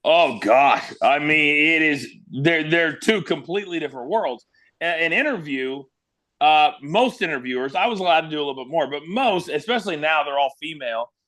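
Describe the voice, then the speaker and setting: Speaking at a moderate pace in a slightly high voice, a Kansas man who used to broadcast wrestling tells stories as a guest. The interview is casual, and he lively acts out quotes.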